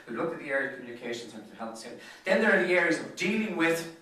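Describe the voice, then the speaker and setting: An Irish man tells business anecdotes to a dinner crowd, talking fast with a bright, forceful tone. He often trips over repeated words as he goes. He sounds far from the microphone in a very echoey room. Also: mid-range voice, slight background noise. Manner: chatty storyteller who stutters on repeated words. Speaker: business speaker. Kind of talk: after-dinner business presentation. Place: function room at a golf club.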